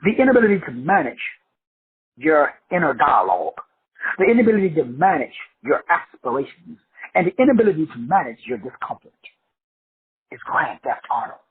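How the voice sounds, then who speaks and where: A man with a fairly high, slightly rough voice talks a little fast and very animatedly, hosting a self-help show. His motivational monologue is blunt and preachy, aimed straight at his listeners and full of swearing. The audio is dry and tinny, like a phone line.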